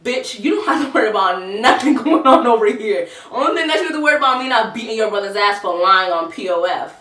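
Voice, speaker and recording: A woman vlogger telling a dating story in a casual, profane, animated way, laughing often. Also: a little high, fast, distant mic. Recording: roomy echo, voice a bit off-mic.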